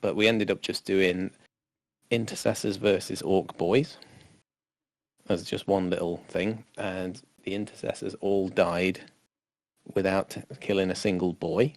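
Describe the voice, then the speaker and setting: Gravelly low-voiced man chatting. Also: measured pace, no room sound. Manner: rambling, relaxed, with fillers. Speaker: podcast co-host. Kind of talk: casual chat.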